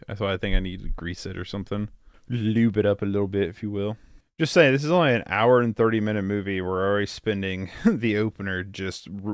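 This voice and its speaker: Guy chatting thru a movie watch-along, kinda low voice, clean and smooth, laughs a lot. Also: dry recording, clean studio sound. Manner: chatty, wry, laughs often, trails off mid-sentence. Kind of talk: casual live reaction commentary. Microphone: headphones with desk mic.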